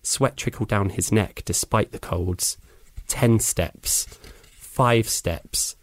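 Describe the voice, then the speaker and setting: A man narrating a children's adventure book with measured, dramatic pacing. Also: fairly low pitch, no room sound. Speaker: audiobook reader. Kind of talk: storybook narration.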